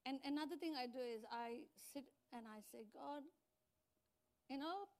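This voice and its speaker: A woman pastor in middle age delivers a sermon with a notably high voice. She preaches in an animated storytelling manner, acting out the lines of the people in her stories. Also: normal speed. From outside New Zealand. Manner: animated storytelling with acted-out quotes.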